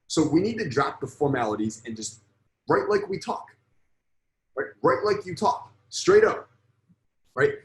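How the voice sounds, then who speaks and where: A man's voice: a little high, very animated, measured pace, long pauses, roomy sound, low-quality recording. A man coaching on sales in a live online lesson, blunt and emphatic, swearing freely.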